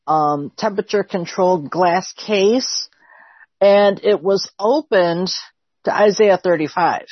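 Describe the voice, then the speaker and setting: A woman's voice: mid-range voice, no echo. A woman taking part in a Bible study discussion, talking casually and conversationally with fillers. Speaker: study group participant. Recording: dry, dull lo-fi audio.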